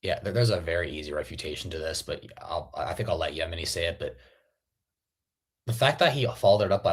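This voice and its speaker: A watch party host giving casual live-stream commentary, halting and rambling with lots of fillers and restarts. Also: sits low, husky.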